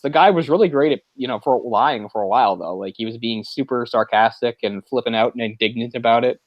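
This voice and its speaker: A man's voice: medium pitch, fast talker, no room sound, dull audio. A man co-hosting a casual movie discussion podcast, rambling, searching for words and laughing often. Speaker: podcast co-host.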